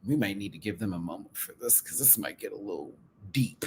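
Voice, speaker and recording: A man with a sassy, animated way of talking, commenting casually to camera on a reality show. He uses drag slang and jumps from loud bursts to hushed asides. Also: fairly low pitch, brisk, slightly rough. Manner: drag slang, calls viewers sister and baby. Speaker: drag race show reviewer, channel host.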